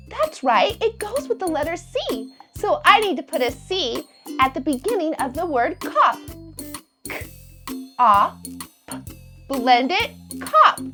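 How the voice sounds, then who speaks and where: A kindergarten teacher gives young children a slow, encouraging phonics lesson, drawing out every letter sound. Her voice sits high, with a bright, forceful tone.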